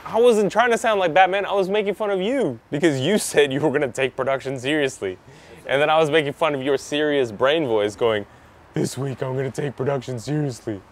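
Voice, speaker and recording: A man's voice: fairly high pitch, a little fast. Playful man co-hosting a comedy news chat. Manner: playful, teasing, lively. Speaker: co-host.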